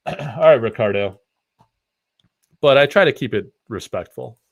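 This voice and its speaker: A man's voice: medium pitch, lively intonation, a little slow, vocal fry. A man from upstate New York hosting a card-opening livestream, talking in a loose, rambling way full of fillers. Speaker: host of a card-opening stream. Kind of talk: casual livestream chat.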